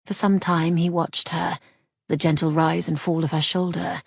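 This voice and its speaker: A woman narrating a romance audiobook with soft, intimate pacing. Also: on the low side, flat delivery, moderate pace, vocal fry, breathy edge, dry recording, clean studio sound.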